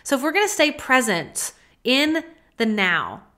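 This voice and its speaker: This solo mindfulness podcast comes from a host's home office, where she coaches listeners gently and casually with frequent "like" and "you know." Her high-pitched voice has big pitch swings and moves a little slowly, going soft when she models self-talk.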